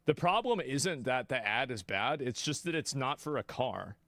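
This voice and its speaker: A streamer reacting in casual chat, rambling with restarts and climbing high when worked up. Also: very animated, normal speed, a bit bright, no echo.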